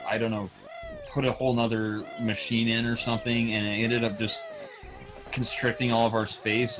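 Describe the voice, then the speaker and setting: A man's voice: mid-range voice, low-quality recording. A young man, a speedrunner, chatting casually while playing, rambling and swearing with many restarts. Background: game music.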